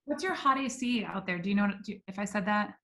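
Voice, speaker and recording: A woman's voice: mid-range voice, lively intonation, pushed and bright. A woman comedian with a radio background, chatting in an upbeat way as a podcast guest. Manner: chatty, upbeat, quick laughs. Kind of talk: casual chat.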